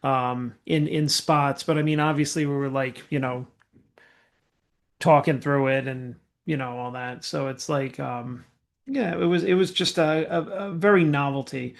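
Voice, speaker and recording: A man's voice: fairly high pitch, fairly even intonation, unhurried, gravelly. A man co-hosting a casual music podcast, giving a rambling, hesitant rating of a track with many fillers. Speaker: podcast co-host. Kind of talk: casual chat, album review.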